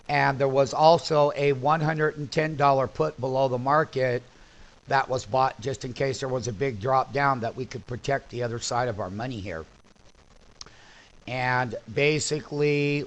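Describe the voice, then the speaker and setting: A man hosting a stock trading show, giving live commentary over a chart and getting excited as he calls out prices. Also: fairly high pitch, low-quality recording. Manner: excitable, shouting out prices rapidly.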